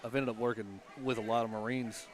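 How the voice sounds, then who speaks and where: A man's voice: medium pitch, level tone, brisk. A man giving casual live commentary at an outdoor strongman event, chatting and laughing easily.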